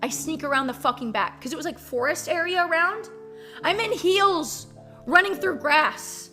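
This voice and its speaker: A young woman streamer telling a story in a casual, animated and profane way, full of "like". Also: extremely high pitch, moderate pace, soft background music.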